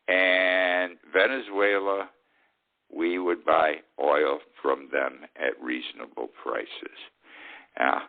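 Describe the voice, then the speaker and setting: An older man hosting a radio talk show, musing in a rambling, conversational way, repeating phrases and restarting sentences with emphasis. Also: sits low. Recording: narrow phone-like radio sound.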